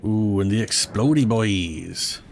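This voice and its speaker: A man's voice: lowish voice, takes it slowly, gravelly, a little hiss or hum. A man streaming a co-op game, tossing out wry, playful asides as he plays. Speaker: gamer streaming co-op. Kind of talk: casual gaming commentary.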